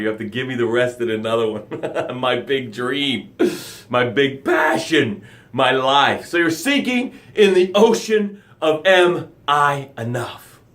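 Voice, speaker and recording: A middle-aged man hosting a motivational live broadcast, reading viewer comments aloud and swinging between loud, dramatic pushes and soft, quiet lows.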